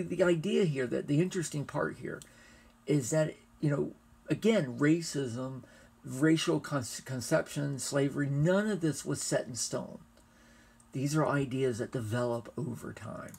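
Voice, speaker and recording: A man's voice: on the high side, vocal fry, darkish tone, slightly rough. A man giving a conversational history lecture in a loose, chatty, explanatory way.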